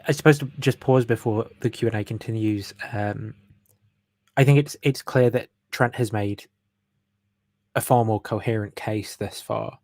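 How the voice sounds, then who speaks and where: A man offers a measured, analytical review of a debate he just watched, sounding a little weary. His voice is low and gravelly. The sound is dry and close-miked. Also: fairly even intonation, darkish tone, no room sound. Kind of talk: spoken commentary.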